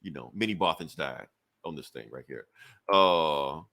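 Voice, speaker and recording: A man's voice: rumbling low, lively intonation, normal speed, gravelly, bright, forceful tone. A man co-hosting a podcast, loosely recapping a comic book in casual, rambling talk full of fillers. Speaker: podcast co-host.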